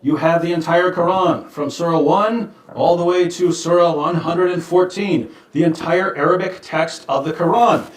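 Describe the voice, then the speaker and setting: A man, a video creator, calmly explaining and showing his points in a measured, wry way. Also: a little high. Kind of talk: explanatory monologue. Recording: echoey room.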